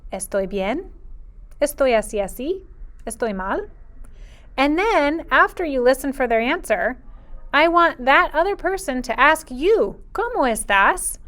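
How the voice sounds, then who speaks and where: In a video lesson for young children, a woman teaches Spanish to preschoolers, her high voice fairly bright in tone. She speaks slowly, clearly and patiently, stretching her phrases in a sing-song teacher's way.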